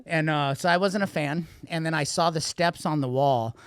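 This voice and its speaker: A man's voice: a little high, moderate pace, clean tone, dry recording, clean studio sound. Blunt, profane man telling his story. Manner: profane, blunt, rambling with restarts. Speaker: podcast guest. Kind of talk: candid storytelling about addiction and recovery.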